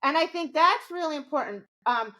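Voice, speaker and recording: A woman's voice: high-pitched, expressive, normal speed, sharp tone. A woman co-hosting a podcast, explaining dog training in a casual, conversational way and often checking in with "right?".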